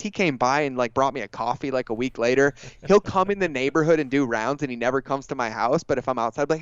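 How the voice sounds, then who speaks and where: A man speaking as a podcast guest, his voice smooth and resonant and sitting a little high. He talks with energy and likes to hammer a point by repeating it. The sound is dry and close, with a slightly dull, lo-fi edge. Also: brisk, dry recording. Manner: energetic, emphatic, repeats phrases for effect. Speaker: guest entrepreneur. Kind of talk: casual podcast conversation.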